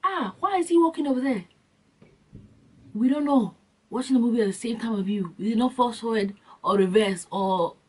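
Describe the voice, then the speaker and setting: Husky young woman telling comic stories. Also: mid-range voice. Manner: animated, slangy, acts out scenes. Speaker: vlogger. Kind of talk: comic storytelling vlog. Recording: distant from the mic.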